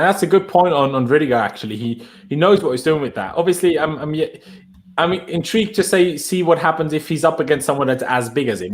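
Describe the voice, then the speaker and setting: A man hosting a casual football talk show, chatty and rambling, often restarting his sentences. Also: medium pitch. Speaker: podcast host.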